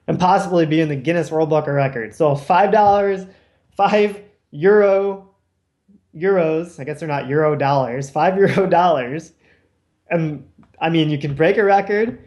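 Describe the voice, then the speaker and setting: A man's voice: a little high, darkish tone. A man with a New York accent co-hosting a gaming podcast, rambling through a joking culture segment. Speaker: podcast co-host. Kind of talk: casual chat.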